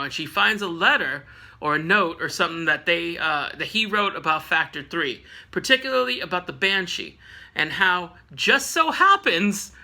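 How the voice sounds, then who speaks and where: Animated, bright-voiced man recapping a comic. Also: high voice. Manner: animated, laughing, jokey asides. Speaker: comic book reviewer. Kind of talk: casual recap with playful character voices.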